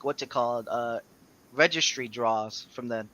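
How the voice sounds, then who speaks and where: A man chatting casually on a stream about running his business, swearing freely and telling stories with animated energy. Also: a little slow. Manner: profane, animated storytelling, voice jumps high when retelling outbursts. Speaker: streamer and small business owner. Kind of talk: casual chat.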